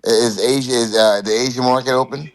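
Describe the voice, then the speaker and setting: A man hosting a live debate show, talking casually with halting restarts. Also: medium pitch, fairly even intonation. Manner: halting, many fillers and restarts. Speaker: host.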